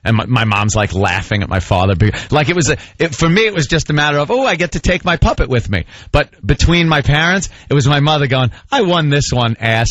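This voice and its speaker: A middle-aged man, co-hosting a radio show and telling stories in an animated way, acting out shouted voices. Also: on the high side, quick pace, hardly any pauses, no echo, highs cut off. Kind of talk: casual storytelling on radio.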